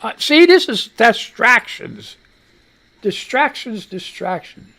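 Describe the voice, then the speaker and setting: Taking it slowly in a very high-pitched voice, a radio show host meanders through a live talk show. He reads the news headlines and gives his blunt opinion on them, swearing freely, staying animated, and talking to his cat.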